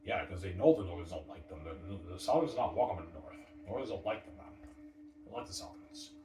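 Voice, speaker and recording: A man's voice: sits low, expressive, fast talker. A man rambling casually about a book he wrote, often tacking on "obviously" and "man". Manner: rambling, repeats "obviously" and "man", acts out lines from his story. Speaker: author talking about his own book. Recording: echoey room, mic far off, noisy.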